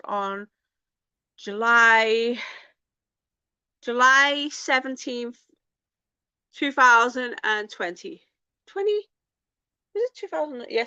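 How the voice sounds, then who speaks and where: A woman vlogging in casual chat, talking in a halting, hesitant way with many fillers. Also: on the high side, sharp tone, clear, resonant tone, no echo, highs cut off.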